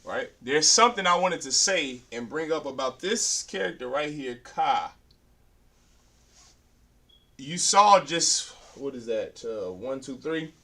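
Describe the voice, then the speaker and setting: A man's voice: fairly high pitch, expressive, slow pace, bright, forceful tone, far from the mic. A man teaching a beginner language class, drilling letters aloud and then lecturing firmly.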